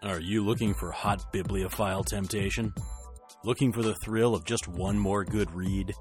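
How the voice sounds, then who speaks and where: Low man reading credits over music. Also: steady tone, normal speed. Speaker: show announcer. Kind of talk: scripted credits and promo read. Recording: music playing underneath.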